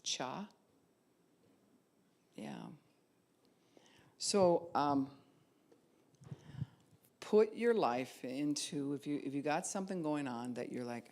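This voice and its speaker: A woman pastor preaching a sermon, acting out quoted voices and dropping to a soft hush at times. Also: low-pitched, expressive, unhurried, long pauses.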